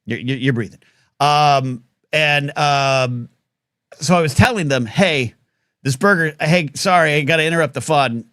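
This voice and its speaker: A man's voice: on the high side, a little slow, a bit bright, no room sound, studio quality. A man hosting a live talk show, telling a rambling story full of fillers and restarts.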